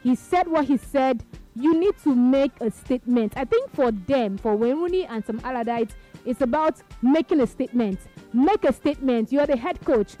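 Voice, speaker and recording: A woman hosts a radio sports talk show, brisk and chatty as she takes calls. Her voice sits high, and faint music plays underneath. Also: animated, mellow.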